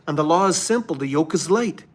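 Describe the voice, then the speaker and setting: A man from Canada hosting a livestream of religious commentary, preaching fervently and then dropping to a hushed murmur. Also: on the high side, animated, a little fast. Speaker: livestream host.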